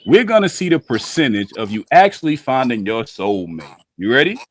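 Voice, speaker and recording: A man's voice: mid-range voice, very animated, normal speed, dry recording. A playful man hosts a dating quiz for his friends, heard over a video call. His voice sits in a middling range and comes through dry and close, with no room sound. He teases the others in loose slang. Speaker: podcast host running a dating quiz. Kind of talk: casual group chat on a video call.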